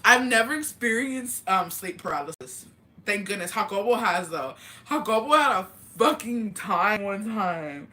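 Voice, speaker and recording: A woman hosting a casual livestream reads viewer comments and tells stories with lots of energy, swearing freely, laughing often and using plenty of fillers. Her voice is medium-pitched and her pace measured.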